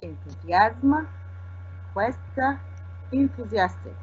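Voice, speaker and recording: A woman's voice: fairly high pitch, lively intonation, slow, a little mellow, husky. A woman co-hosting an online English class, reading out student answers and encouraging them by name. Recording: dull lo-fi stream audio with faint music.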